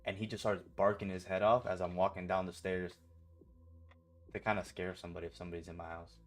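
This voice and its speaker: A young man with a very deep, low voice tells stories bluntly, swearing casually as he talks. He speaks as a streamer chatting to his viewers. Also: little pitch movement, fast, slight background noise. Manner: blunt, profane storytelling. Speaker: trading streamer. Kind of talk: casual vlog monologue.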